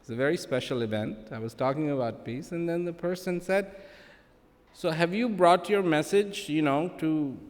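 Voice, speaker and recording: A man giving a slow, emphatic talk to a live audience, with playful humor and long dramatic pauses. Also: on the high side. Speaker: speaker addressing an audience. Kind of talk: spoken address to a live audience. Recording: long hall reverb.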